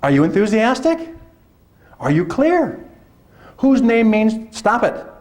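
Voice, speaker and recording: A man giving a lively workshop lecture to teachers, often acting out teachers in put-on voices. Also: sits high, slow pace. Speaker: workshop presenter. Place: lecture hall.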